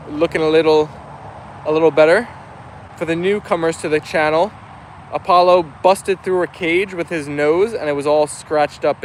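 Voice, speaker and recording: Out with his dogs, this livestream host reads the live chat aloud, keeping things easygoing and friendly. His voice is a little high, and there's slight hiss or hum.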